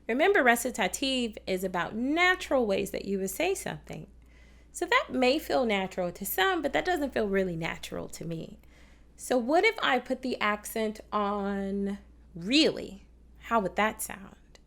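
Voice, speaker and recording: Woman, music teacher for kids, fairly high voice, patient, encouraging. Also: very animated, a little slow, vocal fry, fairly bright tone. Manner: patient, encouraging, addresses viewers at home. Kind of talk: kids' TV music lesson.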